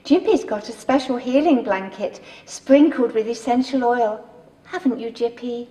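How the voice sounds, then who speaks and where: A woman's voice: very high voice, a little slow, a little mellow, long reverb tail. A woman playing a fussy, anxious lady who dotes on her lapdog, talking in cooing baby talk in a film drama.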